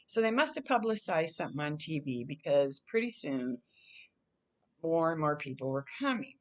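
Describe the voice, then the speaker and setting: An older woman recounts an old adventure in a relaxed, chatty way. Her lowish voice swings widely in pitch as she acts out what she said back then. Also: normal speed. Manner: chatty, animated, acts out her own quoted lines. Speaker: storyteller vlogger. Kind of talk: casual storytelling.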